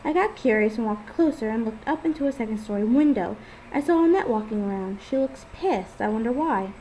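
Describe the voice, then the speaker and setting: A woman's voice: fairly high pitch, expressive, a little fast, warm tone, slight background noise, poor audio. A woman casually reading her own first-person story aloud. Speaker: fan fiction author and reader.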